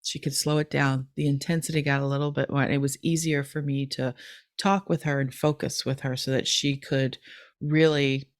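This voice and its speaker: A middle-aged woman with a notably low voice walks a listener through a technique in an easy, gentle, explanatory way. Her voice sounds close and dry, with no room around it. She keeps a calm podcast-host tone throughout. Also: normal speed, no echo. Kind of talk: casual instructional chat.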